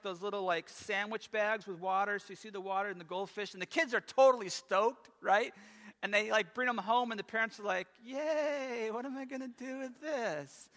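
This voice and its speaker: A man preaching a sermon as pastor, telling stories in an animated way with quick asides. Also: sits high, big-room sound. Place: church sanctuary.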